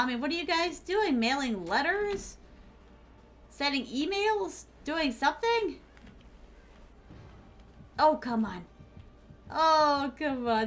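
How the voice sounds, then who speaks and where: Here the same kind of speaker, a young woman with a Southern US accent, plays a game on stream and teases viewers playfully, calling them pet names. Her pitch is fairly high and her tone fairly bright.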